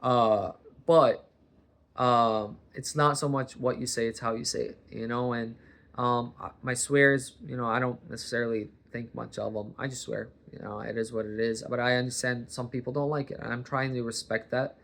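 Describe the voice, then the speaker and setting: A man from Boston talks into a camera propped on his coffee table at home. His voice sits at an ordinary middle pitch. He rambles casually, cuts himself off and circles back to his point. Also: fairly even intonation, moderate pace, a bit bright. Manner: rambling, self-interrupting, chatty. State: warm under a sweater, hat and blanket. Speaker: vlogger. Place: home living room, recording on a coffee table.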